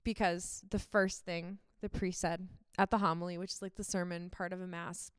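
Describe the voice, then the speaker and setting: Young woman on a faith podcast, heartfelt, says um and like a lot, smooth clear voice, dry sound. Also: lowish voice, flat delivery, moderate pace, no echo. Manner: heartfelt, emotional, many fillers like "um" and "like". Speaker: podcast co-host.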